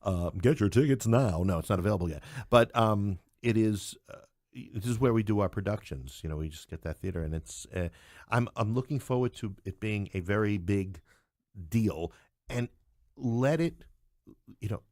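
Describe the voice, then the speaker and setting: A man's voice: fairly low pitch, normal speed, a little mellow, no echo, studio quality. An American man, a playwright, telling stories in a casual interview and acting out the people he quotes. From New York. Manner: chatty storyteller who acts out quoted voices. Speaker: playwright and theater producer.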